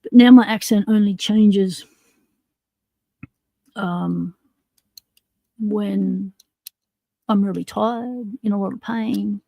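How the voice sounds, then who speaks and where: A woman's voice: medium pitch, steady tone, takes it slowly, creaky, pauses often, dark tone, no echo. A woman hosting a casual livestream, chatting in a rambling way and laughing often. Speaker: livestream host.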